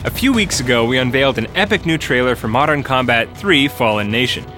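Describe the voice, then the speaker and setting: A man's voice: mid-range voice, quick pace, over music. A young man co-hosting a podcast, goofy and clowning in his banter. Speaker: podcast co-host.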